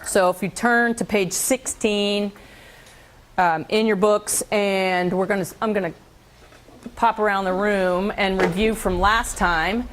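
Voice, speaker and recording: A woman teaching a school band class, giving brisk directions with frequent fillers. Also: medium pitch, fairly even intonation, a little hiss or hum. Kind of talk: classroom instruction.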